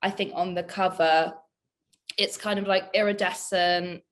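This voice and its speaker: A woman's voice: on the low side, fairly even intonation, a little slow. A young woman chatting casually as an interview guest, giggly and full of filler words, over a video call. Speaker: interview guest, singer-songwriter. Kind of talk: casual chat.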